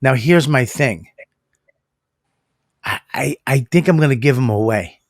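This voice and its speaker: A man's voice: medium pitch, expressive, a little slow, no room sound. Boisterous swearing man, dry sound. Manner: profane, boisterous storyteller. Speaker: podcast co-host. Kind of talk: casual chat.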